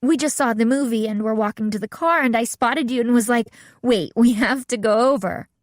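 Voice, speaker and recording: A woman's voice: on the high side, no room sound, studio quality, pitched above the performer's own voice. A woman voicing an eager young teenage girl who gushes apologies in an audiobook. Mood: excited. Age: child of 13 or 14 as played. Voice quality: rushed, gushing apologies.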